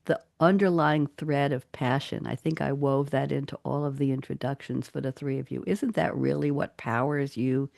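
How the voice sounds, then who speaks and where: A woman's voice: a bass voice, fairly even intonation, normal speed, creaky, hardly any pauses, darkish tone, dry recording. A woman hosting a live talk show, chatty and upbeat, speaking into a studio microphone. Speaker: host.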